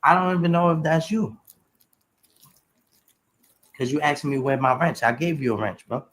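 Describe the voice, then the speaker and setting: A young man hosting a casual livestream, talking straight to his chat in animated, slangy bursts. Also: a little high, normal speed, low-quality recording. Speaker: livestream host.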